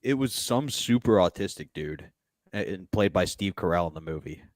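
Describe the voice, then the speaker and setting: A man with a very deep voice talks on a podcast in a relaxed, dry way. The recording is close and dead, with no room sound. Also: normal speed, no room sound. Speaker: podcast co-host. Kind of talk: casual chat.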